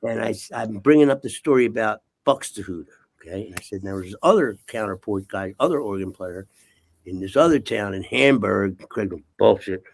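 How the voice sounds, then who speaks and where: Gravelly older man telling rambling stories. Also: lowish voice, moderate pace. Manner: profane, rambling, keeps asking okay?. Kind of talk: casual storytelling.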